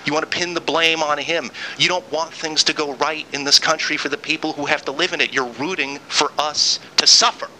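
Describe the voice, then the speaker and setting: Bright-voiced ranting man. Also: fairly high pitch, steady tone, brisk, few pauses, a little hiss or hum, low-quality recording. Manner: angry, ranting, sarcastic mock quotes. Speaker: podcast host. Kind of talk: solo political rant.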